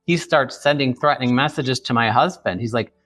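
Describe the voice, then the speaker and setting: A man's voice: medium pitch, fairly quick, fairly bright tone, faint music behind. A man in his fifties from the Chicago area, a book author sharing an emotional personal story as a podcast guest and acting out remembered dialogue. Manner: vivid retelling that acts out remembered dialogue.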